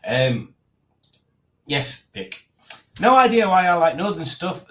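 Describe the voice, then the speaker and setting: A man's voice: a little high, very animated, slow pace, fairly bright tone. A man hosting a live stream, chatting casually, rambling and joking as he reads out viewer comments. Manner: rambling, jokey, reads chat aloud.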